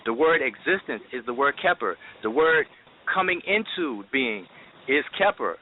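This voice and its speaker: A man's voice: mid-range voice, expressive, normal speed, a little hiss or hum. Guy explaining his point on a phone debate, keeps repeating words, sounds like a phone line.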